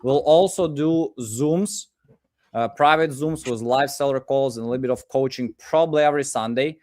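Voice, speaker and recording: A man's voice: mid-range voice, normal speed, darkish tone. Upbeat man hosting a livestream. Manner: upbeat, hype-building, with frequent "uh" fillers. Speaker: livestream host. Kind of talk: casual livestream chat.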